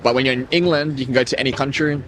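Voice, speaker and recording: A young Australian man with an Australian accent, answering a street interview in a relaxed, hesitant way, full of filler words. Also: mid-range voice, racing, background noise. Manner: relaxed, hesitant, lots of likes and laughs. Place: city street outdoors.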